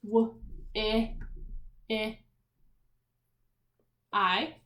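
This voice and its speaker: A woman's voice: mid-range voice, little pitch movement, fairly bright tone, echoey room. A woman teaching young children in a remote lesson, spelling out words letter by letter and asking the class encouraging questions. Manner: slow, clear, spelling out letters and sounds.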